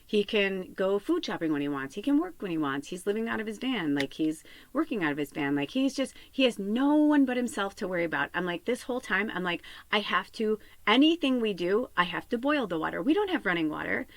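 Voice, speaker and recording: A woman's voice: medium pitch, brisk, few pauses, no room sound. Rambling, chatty woman podcaster. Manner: rambling, repeats "I'm like", animated retelling. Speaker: podcast host and spiritual medium. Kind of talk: casual rambling chat.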